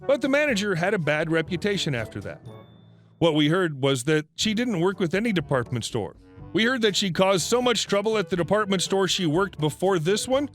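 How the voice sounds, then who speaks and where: Man narrating with a lively, high voice. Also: fairly quick, faint music behind. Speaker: story narrator. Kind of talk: scripted first-person story narration.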